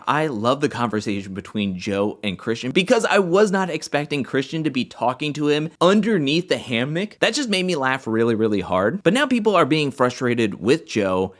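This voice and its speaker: A man hosting an animated episode recap, telling the story in a casual way and acting out the quotes. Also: on the high side. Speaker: recap host.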